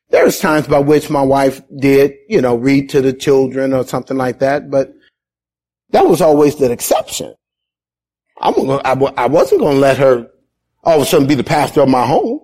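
A man preaching a sermon as pastor, conversational and repetitive, rising into shouted emphasis. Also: medium pitch, lively intonation, normal speed.

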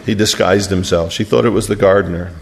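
Guy preaching a sermon, storytelling, goes quiet then loud and high. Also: steady tone, fairly quick, creaky. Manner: storytelling, wide swings from hushed to emphatic.

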